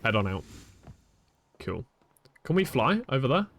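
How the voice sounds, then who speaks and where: A man streaming a video game, chatting in an animated, self-mocking way. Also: medium pitch, unhurried. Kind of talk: live gameplay commentary.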